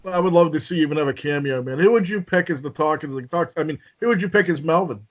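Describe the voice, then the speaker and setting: A man's voice: fairly high pitch, fast talker, muffled recording. A man hosting an interview show, chatting casually, laughing along and teasing his guest. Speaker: show host.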